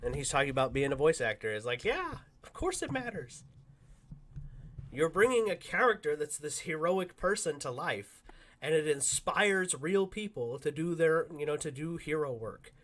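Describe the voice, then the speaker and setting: Bright animated man telling a story. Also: a little high, moderate pace. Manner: animated, acts out quotes with loud bursts and laughs. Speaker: podcast co-host. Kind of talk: casual storytelling chat.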